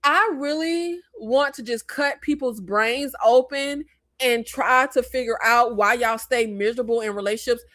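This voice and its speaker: An American woman hosting a casual movie review chat, blunt and animated, with rambling asides. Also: fairly high pitch, normal speed. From United States. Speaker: host.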